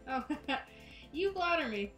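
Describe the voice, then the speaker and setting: A woman's voice: sits high, lively intonation, slow, fairly bright tone, roomy sound, faint music behind, heavily acted, rough recording. A woman voicing a bashful, flustered young male designer from a game. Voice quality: bashful, giggly delivery. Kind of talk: reading game dialogue aloud.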